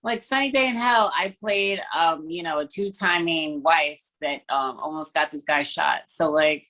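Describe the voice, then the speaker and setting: A woman's voice: low voice, normal speed, sharp tone, rough recording. A young adult woman, an actress guest, chatting casually on a video call, talking with lots of fillers and easy laughs. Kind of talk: casual interview chat.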